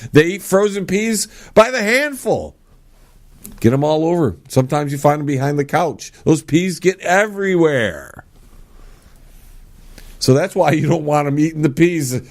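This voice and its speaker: Man, podcast host, blunt, sarcastic, lively pitch swings, slightly high voice. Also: moderate pace. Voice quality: animated with big pitch swings. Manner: blunt, sarcastic, mock-shouting quoted parents. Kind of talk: solo opinion talk show.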